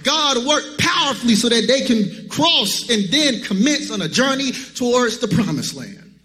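High, bright-voiced preacher in a hall. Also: male voice, sing-song, normal speed. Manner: rhythmic preaching, calls out to the congregation. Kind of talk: sermon.

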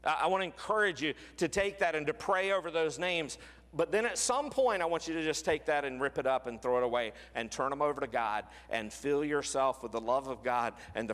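A man's voice: medium pitch, fairly quick. Earnest male pastor in a reverberant hall. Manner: earnest, drops to a soft hush on quoted words. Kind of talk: sermon with closing prayer. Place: church sanctuary.

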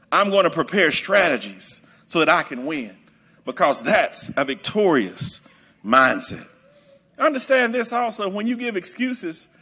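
A male preacher delivering a sermon in an emphatic, repetitive way, bursting into shouts. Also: sits high, husky.

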